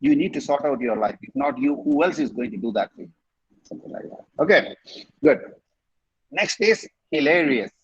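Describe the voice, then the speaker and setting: Fast, husky Tamil-accented male English teacher, online class. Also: a little high, big pitch swings, dull audio. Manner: mixes Tamil with English, quizzes students, spells words out. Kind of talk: online vocabulary lesson. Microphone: video call.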